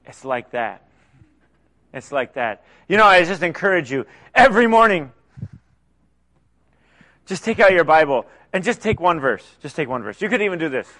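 A man preaching a conversational sermon, often dropping to soft, quiet asides. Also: high-pitched, expressive, a little fast, long pauses. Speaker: pastor.

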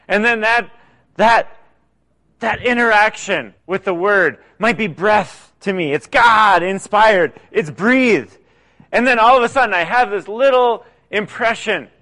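A man preaching a conversational sermon, often dropping to soft, quiet asides. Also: sits high, animated, measured pace. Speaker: pastor.

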